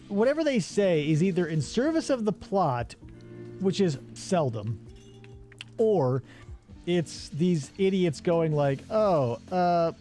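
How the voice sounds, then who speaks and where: A man hosting a casual movie-review show, retelling a plot in an animated, sarcastic way. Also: sits high, slow pace, long pauses, faint music behind. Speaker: radio show host.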